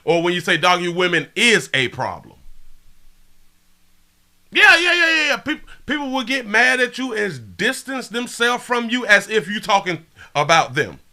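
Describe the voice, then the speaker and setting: A man hosting a live stream, reading chat shout-outs in an excitable, slangy way with frequent laughs and repeated catchphrases. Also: high-pitched, normal speed. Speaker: livestream show host.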